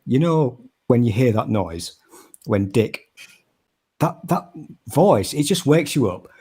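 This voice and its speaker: A man's voice: medium pitch, animated, slow pace, mellow, husky. A British man from Britain joking around with friends on a live stream in a teasing, mock-stern way. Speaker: regular co-host. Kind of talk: casual live stream banter.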